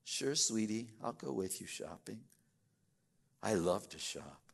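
A smitten young boyfriend in a low, murmured voice, sweet-talking his date, as a preacher puts him on. He drawls slowly and grumbles once married. The sound rings in an echoey hall. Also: animated, gravelly, husky, heavily acted. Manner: sweet-talking, then sulky.

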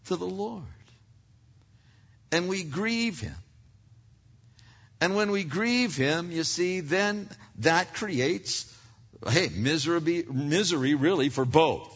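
A pastor preaching a sermon with emphatic rhetorical questions and repeated words, heard as a dull recording in an echoing hall. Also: male voice, fairly high pitch, a bit bright, slightly rough.

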